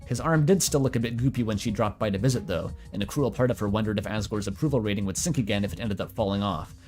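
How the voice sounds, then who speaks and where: Guy reading a story out loud, casual, joking about himself, soft music behind. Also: lowish voice, fast. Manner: self-deprecating asides, mild swearing. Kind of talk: casual read-aloud of fan fiction.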